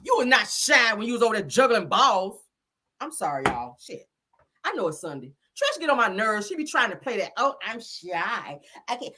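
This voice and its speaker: A woman's voice: on the high side, big pitch swings, a little fast, bright, forceful tone, a little hiss or hum. A woman giving a sassy, chatty casual recap of a reality show, calling her listeners honey and child.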